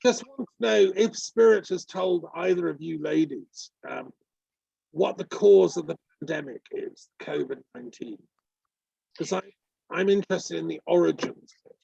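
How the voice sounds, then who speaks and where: A man's voice: a little high, expressive, normal speed, vocal fry, warm tone, breathy edge, dry recording. A man talking in an earnest, rambling way, with many ums, in a casual discussion over a video call. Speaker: peace activist on a video call. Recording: dull lo-fi call audio.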